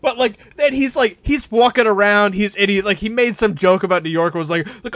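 High-voiced man telling a funny story. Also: a little fast, no echo. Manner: animated, swears often, laughs mid-sentence. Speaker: podcast co-host. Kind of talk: casual comedic storytelling.

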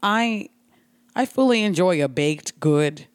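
A woman's voice: lowish voice, animated, slow pace, smooth, no echo. Chatty woman telling a trip story. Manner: chatty, laughs often, lots of fillers. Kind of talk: casual chat.

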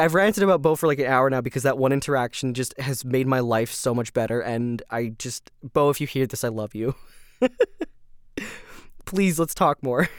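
A man hosting a casual rambling podcast, gushing and excitable, full of fillers and laughs. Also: fairly high pitch, clean tone, dry recording, clean studio sound. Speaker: podcast host.

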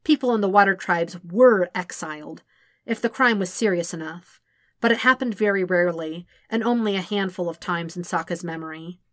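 A woman reading fan fiction aloud as a steady, measured audiobook narrator. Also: on the low side, no echo, studio quality. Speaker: podfic reader.

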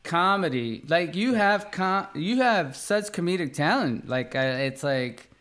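A man's voice: fairly high pitch, animated, unhurried, fairly bright tone, smooth. A man cohosting a podcast in casual chat, enthusiastic and encouraging, rambling with praise for others' ideas. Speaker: podcast host.

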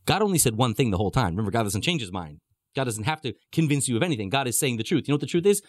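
A man's voice: medium pitch, sing-song, rapid-fire, no room sound. A man teaching a scripture class in an emphatic way, with rhetorical questions and playful asides. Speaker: religious teacher.

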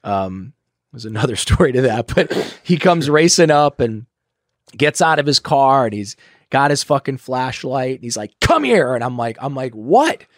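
A man in his thirties, a podcast guest, telling a story in casual chat, swearing often and acting out quotes loudly. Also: medium pitch, normal speed, dry recording, clean studio sound.

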